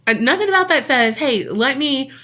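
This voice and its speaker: A woman's voice: high-pitched, lively intonation, moderate pace, pushed and bright. A woman, co-hosting a podcast and telling a story in a casual, jokey way that is full of swearing. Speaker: podcast co-host.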